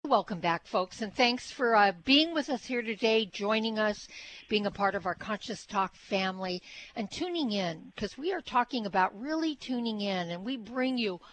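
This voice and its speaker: A woman's voice: mid-range voice, expressive, moderate pace, a bit bright, slight background noise, low-quality recording. A woman hosting a radio talk show, speaking enthusiastically and repeating words for emphasis. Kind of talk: casual radio interview hosting.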